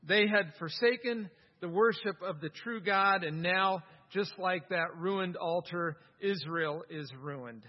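A man preaching a sermon, reading scripture with lively, wry humor. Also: high-pitched, slow pace. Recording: dull sound, long hall reverb.

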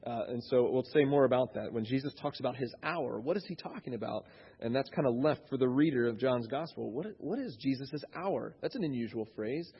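A man's voice: medium pitch, fairly quick, breathy edge, lo-fi sound. A man in his thirties, a pastor giving a conversational sermon, thinking aloud with frequent restarts.

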